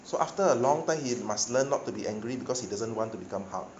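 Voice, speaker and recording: Male preacher, animated storytelling, keeps asking the congregation, in a reverberant hall. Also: medium pitch, quick pace, dull audio, a little hiss or hum. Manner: animated storyteller, often checks with listeners. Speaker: pastor. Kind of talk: sermon. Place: church hall. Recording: echoey hall, faint ambience.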